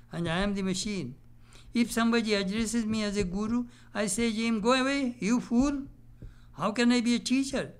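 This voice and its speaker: High-voiced man reading and explaining scripture. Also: clean tone. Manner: reads passages aloud, then explains with frequent laughter; acts out quoted speakers in a raised voice. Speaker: spiritual teacher.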